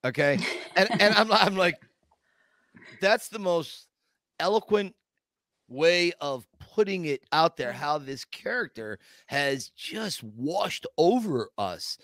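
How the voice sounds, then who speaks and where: Animated, bright-voiced male podcast host. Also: fairly high pitch, slow pace, no echo, studio quality. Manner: enthusiastic, effusive praise, stumbling restarts. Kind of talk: casual podcast chat.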